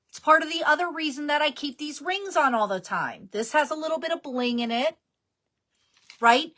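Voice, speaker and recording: Bright, high-voiced New Jersey woman. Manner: chatty, laughing, self-deprecating. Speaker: jewelry business guest speaker. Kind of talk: casual live-stream talk.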